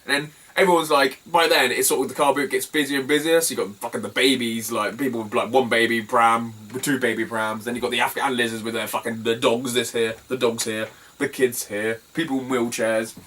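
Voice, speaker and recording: A man's voice: mid-range voice, little pitch movement, fairly quick, pushed and bright, far from the mic, low-quality recording. A British man chatting casually in a vlog about his retro game finds, rambling, swearing freely and laughing as he tells stories. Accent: British English. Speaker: retro game collector vlogger.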